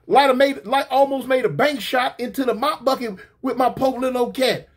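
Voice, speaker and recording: A man telling a funny story in a casual, slangy, animated way, getting loud and excited at the big moments. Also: very high voice, normal speed. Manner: animated, slangy, rising to near-shouts at the peak.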